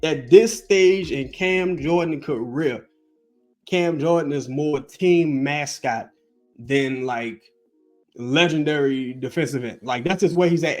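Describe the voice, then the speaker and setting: Profane ranting New man. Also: a little high. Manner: profane, rambling, animated. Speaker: podcast host. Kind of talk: casual sports rant.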